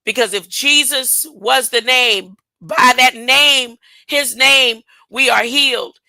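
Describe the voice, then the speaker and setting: A woman's voice: high voice, slow pace, bright, forceful tone, no echo, rough recording. A woman preaching an informal Bible lesson, acting out characters in casual speech and often laughing. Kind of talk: informal sermon with storytelling.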